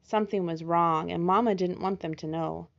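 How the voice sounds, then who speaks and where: A woman narrating a children's animal storybook in a gentle, measured way. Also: fairly low pitch, fairly even intonation, gravelly, muffled recording. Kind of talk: scripted narration.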